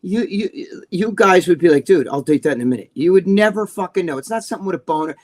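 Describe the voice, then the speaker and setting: A man's voice: high voice, expressive, quick pace, a little mellow. A middle-aged man with a New Jersey accent, co-hosting a casual livestream and telling blunt, profane stories with voiced quotes. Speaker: co-host.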